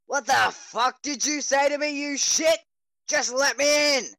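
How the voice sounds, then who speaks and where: A performer voicing a hot-tempered, foul-mouthed teenage boy in a fan audio drama, shouting crudely. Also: high voice, fairly even intonation, measured pace, no room sound, studio quality, heavily acted. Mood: angry yelling. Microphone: Discord voice call recording.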